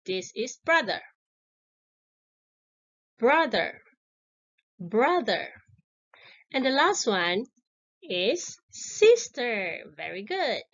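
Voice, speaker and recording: A woman's voice: a little high, sing-song, muffled recording. A woman teaching a simple English lesson to young children, repeating each word and praising the answers. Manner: encouraging, drawn-out words repeated twice.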